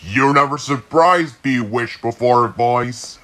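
A man voicing a cartoon knight with a slow, sing-song delivery. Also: mid-range voice, fairly bright tone. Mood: taunting.

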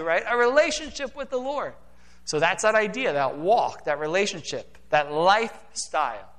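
A man, the church's pastor, preaching a casual, animated sermon in a church and acting out quoted voices along the way. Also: on the high side. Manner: animated, acts out quoted voices, conversational asides. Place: church sanctuary.

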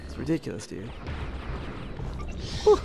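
A man giving casual, excitable gameplay commentary, prone to frustrated outbursts and slang. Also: medium pitch, unhurried, gravelly, soft background music. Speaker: let's play gamer.

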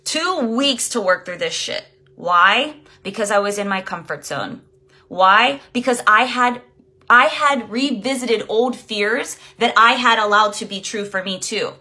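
Woman life coach, bright voice pitched a little high, blunt live-stream talk with plenty of swearing. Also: lively intonation, a little slow. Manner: blunt and emphatic, swears freely; greets viewers by name while talking.

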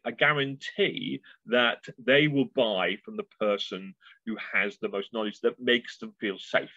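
Animated man telling stories. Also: on the low side, dry recording. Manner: animated storyteller, enthusiastic. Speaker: guest. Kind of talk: casual interview chat. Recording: dull lo-fi sound.

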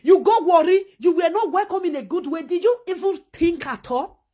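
A woman's voice: very high voice, normal speed, dark tone. A woman from Nigeria with a Nigerian Pidgin accent, ranting in a scolding, mocking vlog while she sews. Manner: talks while sewing. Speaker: vlogger.

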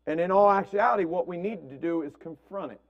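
Man, pastor, conversational sermon, high voice, dull lo-fi sound. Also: fast talker. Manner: asks "right?" constantly, repeats words, acts out family quotes.

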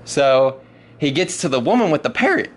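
A man's voice: on the high side, sing-song, normal speed. A man telling a long joke in a casual, rambling way, often repeating his words as he goes. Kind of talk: casual storytelling.

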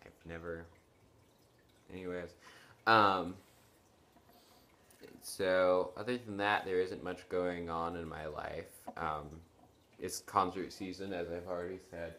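Tired teenage guy with a low voice. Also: fairly even intonation, slow, pauses often, bright, forceful tone, a little hiss or hum. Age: late teens. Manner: rambling and apologetic, with many fillers and restarts. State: tired and yawning. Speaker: vlogger. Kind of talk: casual chat to camera. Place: bedroom at home.

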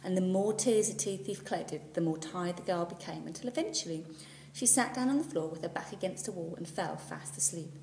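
A woman teacher reading a children's storybook aloud, expressive and at times dropping to a whisper. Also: lowish voice, a little fast. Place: school classroom. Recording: echoey room, far from the mic, faint hum.

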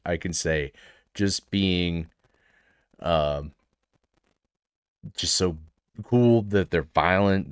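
A man's voice: deep voice, clean tone, no room sound, clean studio sound. A man hosting a reaction video, chatting casually and enthusiastically, laughing often as he rambles.

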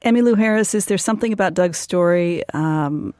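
A radio interviewer asking measured, prompting questions. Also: medium pitch, darkish tone, no echo, clean studio sound.

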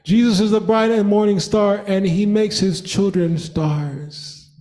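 High-voiced, slow, fervent male preacher. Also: fairly even intonation, dark tone. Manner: fervent preaching, repeating lines and breaking into laughter. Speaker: pastor. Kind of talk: sermon. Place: church.

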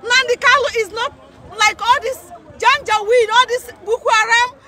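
Impassioned woman protest speaker, very high pleading voice, bright, faint crowd outdoors. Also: fairly even intonation, normal speed. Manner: pleading, crying out, repeating herself.

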